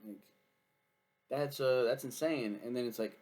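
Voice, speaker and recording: A man's voice: mid-range voice, a little slow, long pauses, darkish tone, a little hiss or hum. Rambling, foul-mouthed man reviewing a series. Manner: rambling, profane, lots of fillers. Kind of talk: casual review chat.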